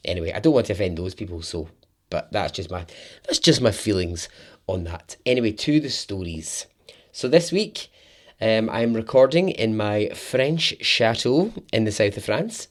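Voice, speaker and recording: Jokey man telling stories, lively pitch. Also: normal speed. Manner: jokey, sarcastic, chatty asides. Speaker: podcast host and storyteller. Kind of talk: casual storytelling podcast.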